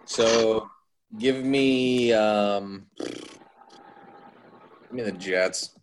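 A man with a lowish voice answers trivia on a casual podcast. He hesitates and thinks aloud with a wry edge. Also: extremely slow, vocal fry, a little hiss or hum. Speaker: podcast co-host, quiz contestant.

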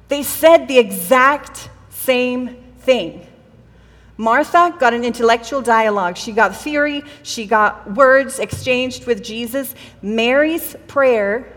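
A woman with a high voice preaches a sermon in a church hall, talking it through in a casual, conversational way. She acts out the quoted people in the story, and her voice rings with the long reverb of a large room. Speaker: pastor.

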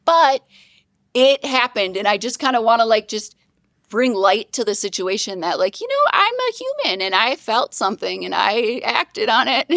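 A young adult woman telling a story as a podcast guest, bubbly and excitable, laughing often. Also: mid-range voice, normal speed, no room sound, studio quality. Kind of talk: casual storytelling.

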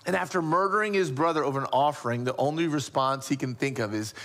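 A man preaching a sermon as pastor, impassioned, dropping soft for emphasis. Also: fast, hardly any pauses. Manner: impassioned, rising pitch on acted quotes, drops to soft near-whisper.

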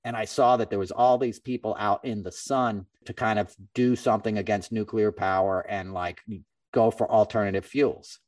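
A middle-aged man hosting a podcast, telling a story in a casual, animated way and acting out other people's lines. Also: fairly low pitch, moderate pace, no room sound, far from the mic. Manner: animated, acts out quoted voices. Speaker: podcast host.

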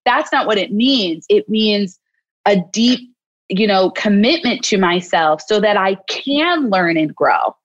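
A woman clinical psychologist, a guest in an interview, speaking gently and reassuringly. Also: medium pitch, animated, measured pace, dry recording, dull audio. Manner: gentle, reassuring, acts out soothing self-talk. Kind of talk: interview conversation.

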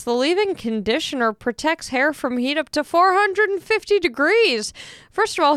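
A young woman talking casually, rambling and joking at her own expense. Her voice is very smooth and clear, pitched a little high. It sits close and dry on the mic. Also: fairly bright tone, dry recording. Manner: chatty, self-mocking, rambling. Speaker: podcast host reading an ad. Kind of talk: casual chat with sponsor read.

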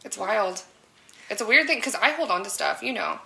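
A woman's voice: mid-range voice, animated, normal speed, creaky, bright, forceful tone, low-quality recording. A woman in her thirties co-hosting a podcast, talking loosely with lots of fillers and swearing. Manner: loose, rambling, swears often, many fillers. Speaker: podcast co-host. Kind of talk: casual podcast chat.

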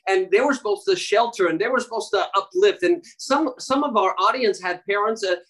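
A man's voice: high voice, fairly quick. Exuberant man preaching with fervor. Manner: exuberant, emphatic, bursts of shouting. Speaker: guest doctor. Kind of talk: fervent preaching in an interview.

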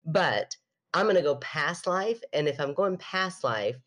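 A woman podcast host telling a story in casual chat, animated, laughing often and acting out what people said. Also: sits low, a little slow.

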